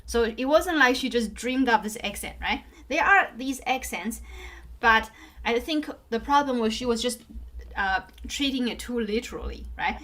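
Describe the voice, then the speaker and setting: A woman teaching a one-on-one piano lesson, explaining gently, checking in with "right?" again and again, and singing phrases on "da.". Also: fairly high pitch, lively intonation, moderate pace. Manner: sings phrases aloud on "da". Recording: loud piano music behind voice. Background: piano playing.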